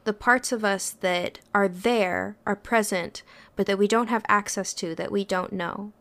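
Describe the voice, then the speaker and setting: A woman's voice: medium pitch, fairly bright tone. Reflective woman therapist musing aloud. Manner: thoughtful, searching, with frequent pauses and fillers. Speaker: therapist and podcast co-host. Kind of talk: casual reflective podcast talk.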